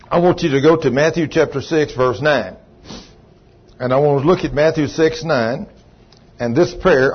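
A husky-voiced preacher, a man pitched a little high, talking to his congregation in a folksy, chatty way. The recording is muffled and lo-fi. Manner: folksy, calls on congregation members by name. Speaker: pastor. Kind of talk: sermon. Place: church.

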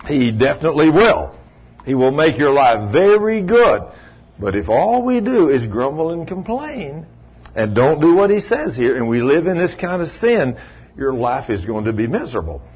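Husky guy preaching, voice jumps all over, animated storyteller, kinda muffled lo-fi sound. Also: fairly high pitch, moderate pace. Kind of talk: sermon. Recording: dull lo-fi recording.

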